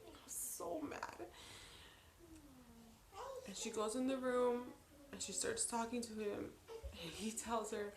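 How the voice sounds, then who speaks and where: Emotional woman in an echoey room. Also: on the high side. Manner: emotional, halting, with many restarts. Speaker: vlogger. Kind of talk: personal confessional vlog.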